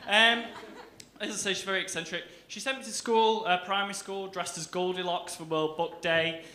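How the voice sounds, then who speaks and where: A young Northern English comedian does a chatty, self-mocking stand-up set on a club stage, breaking into laughter and acting out quotes. His voice is high-pitched, pushed and bright, with fairly even intonation and a moderate pace. The recording has a roomy club sound and faint hiss.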